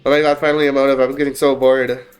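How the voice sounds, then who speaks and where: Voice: mid-range voice, flat delivery, very fast, faint music behind. A let's-play host who reads a visual novel aloud, breaking off into sarcastic, joking asides.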